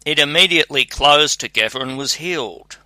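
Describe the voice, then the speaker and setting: A man narrating a fairy tale in a steady, unhurried reading. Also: on the high side, no room sound. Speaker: storyteller.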